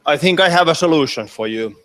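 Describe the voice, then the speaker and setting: A man moderating a public lecture, speaking slowly and joking with the panel. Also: a little high, lively intonation, fairly bright tone.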